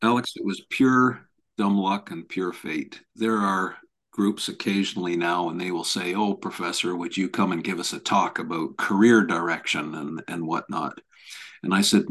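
Guest: low-pitched professor man, earnest storyteller who repeats words as he restarts. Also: fairly even intonation, normal speed, fairly bright tone. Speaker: professor of spine biomechanics, guest. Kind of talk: conversational storytelling.

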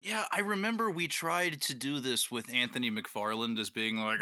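A young man co-hosting a fantasy football podcast, chatting casually and joking with playful, mock-nervous excitement. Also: mid-range voice, moderate pace, few pauses. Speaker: podcast co-host.

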